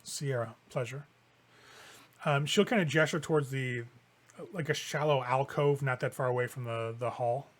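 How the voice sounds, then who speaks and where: A man's voice: mid-range voice, moderate pace. A man narrating a tabletop game as game master, descriptive and casual. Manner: descriptive, casual with fillers like "kinda".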